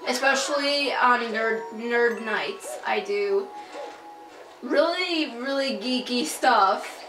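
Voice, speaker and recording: Young woman gamer, high and unhurried, excitable and sweary; roomy, off-mic sound with game music behind. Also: distant mic. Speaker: let's play gamer. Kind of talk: casual gameplay commentary. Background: video game music.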